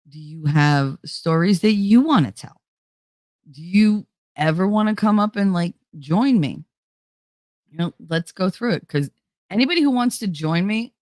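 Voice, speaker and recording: A woman's voice: sits low, a little mellow, dry recording, clean studio sound. A middle-aged woman hosting her own show, chatting casually with viewers, laughing often and swearing freely. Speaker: host.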